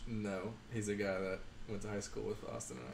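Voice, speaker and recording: A man's voice: lowish voice, little pitch movement, fairly quick, gravelly, recorded from a distance, slight background noise. Joking young man, off-mic in echoey room. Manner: joking, teasing banter. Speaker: stream co-host. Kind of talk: casual livestream chat while building.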